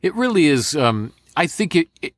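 A man in a relaxed interview about voice acting, talking in an animated, rambling way and joking often. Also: fairly high pitch, dry recording. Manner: animated, rambling, quick to joke. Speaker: voice actor guest. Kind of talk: casual interview chat. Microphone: home studio condenser mic.

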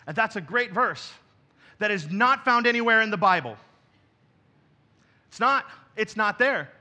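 With a high voice and big swings in pitch, the pastor delivers his sermon at normal speed, rising from quiet, tender passages into loud, emphatic bursts.

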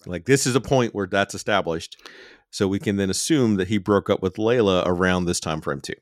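A man co-hosting a podcast, calmly explaining and arguing his reading of the show. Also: low voice, fairly quick, no room sound, clean studio sound. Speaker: podcast co-host. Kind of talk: casual podcast chat.

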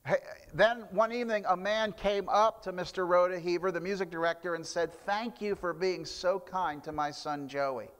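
A man's voice: high voice, steady tone, normal speed, a bit bright, clean tone, in a large hall. A man preaching a sermon, telling stories with frequent restarts and fillers. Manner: storytelling with repeated restarts and fillers. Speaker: pastor.

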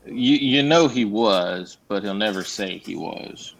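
A man's voice: lowish voice, expressive, takes it slowly, creaky, a little hiss or hum, rough recording. A man co-hosting a casual podcast, laid-back and brief in his comments. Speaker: podcast co-host. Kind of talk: casual chat.

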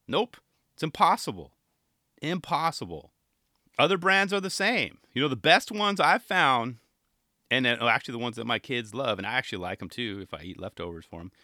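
A man hosting a podcast, rambling in an animated, jokey, slangy way. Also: medium pitch, dry recording, clean studio sound. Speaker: podcast host. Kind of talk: casual chat.

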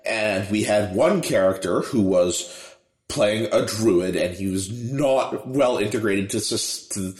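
A man's voice: on the low side, slow, a little mellow. A man co-hosting a casual podcast chat and telling stories about tabletop games, with frequent restarts. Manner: storytelling, with restarts. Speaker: podcast co-host and tabletop player. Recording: roomy echo.

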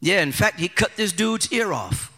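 Preacher putting on a chill low-voiced guy, quiet and unbothered, big echoey church around him. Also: expressive, moderate pace, exaggerated voice. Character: calm laid-back man recounting his own beating.

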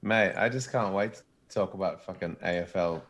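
A man's voice: low-pitched, moderate pace, a bit bright. A man co-hosting a podcast, teasing his co-host with dry sarcasm. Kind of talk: casual chat.

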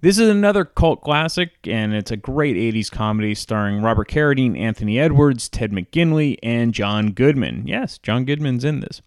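A man talks through his favorite comedy movies in a loose, chatty countdown, with plenty of ums and you-knows. His voice is smooth and clear, and the recording is dry and close. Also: mid-range voice, dry recording. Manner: relaxed and chatty, with frequent fillers. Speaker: host. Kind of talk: casual movie countdown review.

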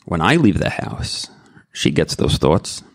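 Earnest low-voiced man sharing his story. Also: very animated, measured pace, husky, no room sound, in a whisper. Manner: earnest and rambling, with many restarts; emotional and candid. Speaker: member sharing at a recovery meeting. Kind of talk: personal testimony.

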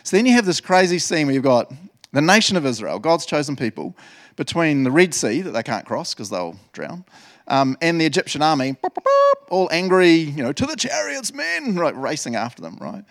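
Animated man preaching. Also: fairly high pitch, fairly quick. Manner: animated, laughs often, acts out voices of biblical figures. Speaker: pastor. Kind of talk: sermon.

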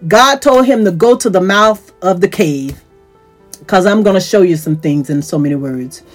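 A woman teaching from the Bible at an unhurried pace, reading the verses aloud and then retelling them simply. Her pitch lifts whenever she grows excited. Faint music plays quietly beneath her voice. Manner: reads scripture aloud then retells it in plain words; voice rises in pitch when excited. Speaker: teacher of a church series.

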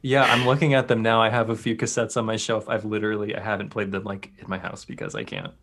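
A man's voice: lowish voice, level tone, fast talker, background noise. Easygoing male interviewer. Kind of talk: casual interview chat.

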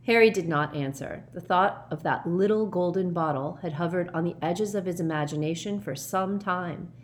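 Low-voiced woman narrating a book. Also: normal speed, a little hiss or hum. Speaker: audiobook narrator. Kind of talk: scripted narration.

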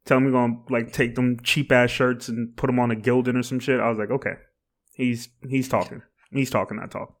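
A man's voice: medium pitch, little pitch movement, brisk. Emphatic man on a casual podcast. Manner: emphatic, repeats phrases for effect. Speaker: podcast co-host. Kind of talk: casual chat.

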